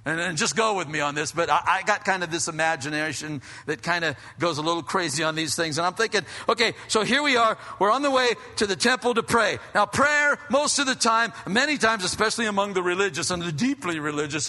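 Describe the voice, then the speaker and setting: A man preaching a sermon to his congregation, acting out scenes and dropping to hushed tones. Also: high voice, brisk, few pauses, big-room sound. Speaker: pastor.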